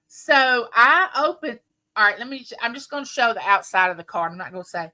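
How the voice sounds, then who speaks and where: A woman's voice: fairly high pitch, expressive, brisk. A woman, chatting and telling stories to viewers on a live stream from home. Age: late 50s. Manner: chatty, warm, rambling storytelling with viewers. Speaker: livestream host. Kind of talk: casual live-stream chat.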